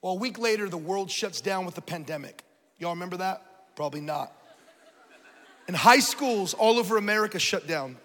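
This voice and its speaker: A man preaching a sermon with a high, bright voice that rings through a large hall. He tells his story in an animated, self-mocking way. He laughs often. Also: moderate pace.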